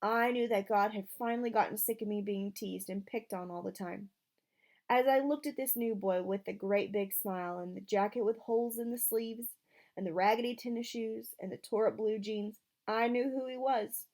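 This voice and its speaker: Female reader, novel chapter read aloud, character voices, mid pitch. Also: steady tone, moderate pace, a little mellow. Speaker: audiobook reader.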